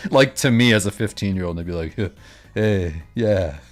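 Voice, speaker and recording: A man's voice: fairly low pitch, moderate pace. A man co-hosting a casual chat, laughing often as he tells stories. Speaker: podcast co-host.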